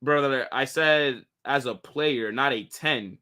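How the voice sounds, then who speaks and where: A young American man reads viewer comments on his easygoing football live stream and answers in slang heavy with "bro" and "like." His mid-range voice has a sharp tone, and he takes his time.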